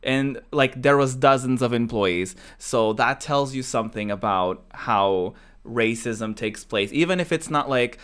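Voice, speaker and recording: A man's voice: mid-range voice, measured pace, few pauses, fairly bright tone, clear, resonant tone. A young man from Portugal hosting a casual chat show, talking in a rambling way with many fillers and restarts. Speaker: podcast host.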